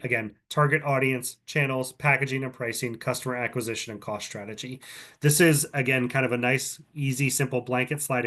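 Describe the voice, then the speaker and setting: A man organizing a business pitch competition, walking entrants through presentation slides in a casual, conversational way full of ums and restarts, recorded over a video call. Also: a bit bright. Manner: casual, filler-heavy, conversational explaining with frequent ums. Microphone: computer mic on a video call.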